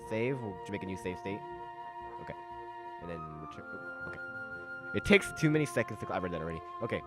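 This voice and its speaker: A man reading a visual novel aloud and commenting as he plays, self-mocking and often restarting lines. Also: medium pitch. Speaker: let's play host. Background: game music.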